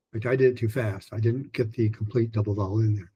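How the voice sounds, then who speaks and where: A man teaching a pronunciation lesson in a loose, rambling way, with many restarts, fillers and slowly modeled phrases. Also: fairly low pitch, fairly even intonation, slightly rough, highs cut off. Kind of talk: recorded lesson talk.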